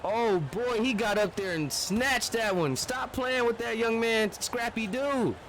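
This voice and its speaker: A man giving live, chatty play-by-play commentary on a basketball video game, getting excited and joking as he calls the action. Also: very high voice, a little slow. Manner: excitable, chatty, jokes and argues with the refs. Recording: loud game crowd noise behind.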